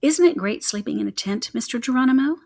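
A woman doing a squeaky prim mouse teacher. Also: animated, fast, creaky, a little mellow.

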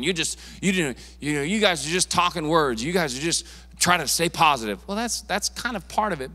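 A man preaching in a bright, forceful voice that sits a little high for a man. He talks to his congregation in a loose, emphatic way, repeating words as he drives a point home. A long hall reverb trails every phrase. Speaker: pastor. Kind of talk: sermon. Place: church sanctuary.

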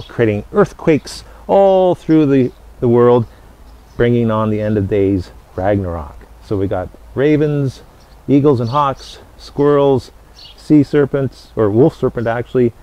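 A man presenting living history, teaching in a casual educational talk and explaining steadily in short, paused phrases. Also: mid-range voice, mellow.

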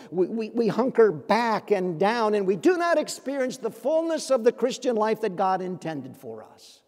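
A man preaching in a church sanctuary, his voice pitched high for a man. He speaks earnestly and keeps asking his congregation pointed questions. A long reverb trails each phrase. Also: darkish tone. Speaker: pastor. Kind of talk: sermon.

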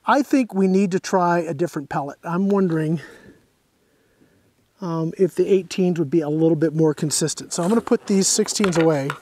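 A man's voice: fairly high pitch, fairly quick, a little mellow, dry recording. A man hosting a hands-on airgun review outdoors, a little out of breath, casually talking through each step as he goes.

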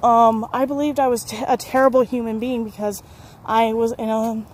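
A woman's voice: a little high, little pitch movement, moderate pace, a little mellow. A young adult woman telling a personal story to camera, candid and rambling, often laughing and correcting herself. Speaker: vlogger.

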